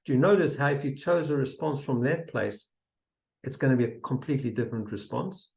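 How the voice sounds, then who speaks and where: A man giving a motivational seminar talk, emphatic and repetitive, sometimes dropping to a soft near-whisper to demonstrate. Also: mid-range voice, expressive, brisk, gravelly, rough recording. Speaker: seminar speaker.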